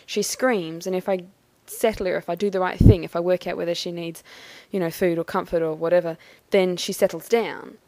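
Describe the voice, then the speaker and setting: A woman talking through a personal experience in a thoughtful, halting, measured way. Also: on the low side, fairly even intonation, dark tone, dry recording. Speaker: vlogger. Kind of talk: personal reflective monologue.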